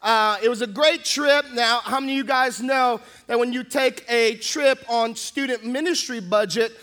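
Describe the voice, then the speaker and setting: High, bright-voiced man preaching. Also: moderate pace. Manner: animated storytelling, acting out the scenes. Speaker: pastor. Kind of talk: sermon.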